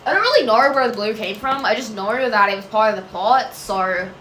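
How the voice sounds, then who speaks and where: A woman's voice: fairly high pitch, animated, a little fast, bright, forceful tone. A woman vlogger answering viewer questions in casual chat, rambling, often trailing off with fillers and "I don't know". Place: home room. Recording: echoey room with faint noise.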